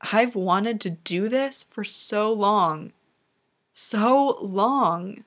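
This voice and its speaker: A woman voicing a flustered, tearful young man who pleads in a shaky voice, reading slowly. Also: medium pitch. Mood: fervent.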